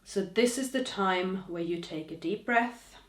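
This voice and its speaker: A woman hosting a podcast, speaking to listeners in a gentle, encouraging way with soft trailing endings. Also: medium pitch, a little slow, echoey room. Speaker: podcast host. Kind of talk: reflective podcast monologue.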